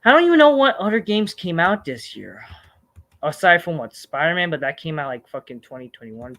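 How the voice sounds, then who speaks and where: A man hosting a live stream, answering viewer questions in a rambling, profane, animated rant with sudden loud outbursts. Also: a little high, brisk.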